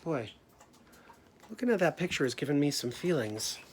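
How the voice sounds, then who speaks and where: A man, a teacher, gently talking young children through his own feelings during a storytime lesson. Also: a little high, very animated, normal speed, a little hiss or hum.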